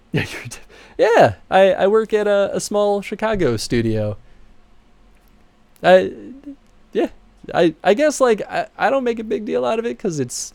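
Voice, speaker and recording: A man casually chatting with viewers on his livestream while game credits roll. He laughs often and his voice jumps high when he gets excited. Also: no room sound. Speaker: streamer and game producer.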